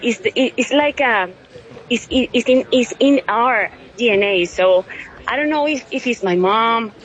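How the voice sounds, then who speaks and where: A woman in her thirties from Venezuela, tearful and overwhelmed, speaking haltingly with many restarts in an emotional interview over a phone line. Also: a little high. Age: 30s.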